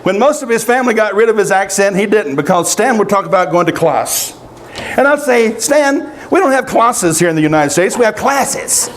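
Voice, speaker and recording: An older man preaching a sermon, telling personal stories of loss in a halting, emotional way with long pauses. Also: sits high, expressive. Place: outdoor family encampment gathering.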